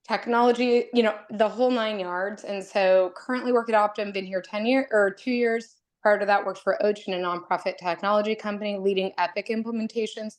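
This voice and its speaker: A woman's voice: mid-range voice, fairly even intonation, fairly quick, hardly any pauses. A woman from Oregon introducing herself to an online committee meeting, earnest and emotional as she talks. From Oregon, USA. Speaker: committee member. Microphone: video call.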